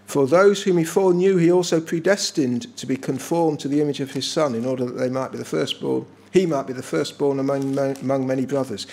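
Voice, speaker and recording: A man with an English accent preaches in a small chapel, his fairly high voice carrying a gravelly edge. He is emphatic and slows down to lean on key words. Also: a little mellow. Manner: emphatic, often slowing to stress words. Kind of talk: sermon.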